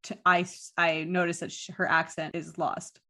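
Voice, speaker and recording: A woman's voice: fairly low pitch, flat delivery, moderate pace, bright, forceful tone. A woman hosting a podcast, chatting casually with lots of fillers and frequent laughter. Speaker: podcast host. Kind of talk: casual chat.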